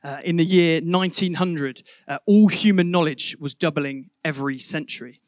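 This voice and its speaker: A man preaching a sermon, telling a vivid story that swells loud and drops to a hush. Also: fairly high pitch, moderate pace, dry recording, clean studio sound. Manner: vivid storytelling, building to loud climaxes then dropping to a hush.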